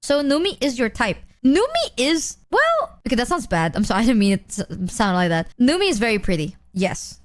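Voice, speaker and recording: A woman's voice: a little high, big pitch swings, moderate pace, hardly any pauses. A woman streamer in a played clip, rambling and flustered, apologizing as she chats casually. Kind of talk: casual chat.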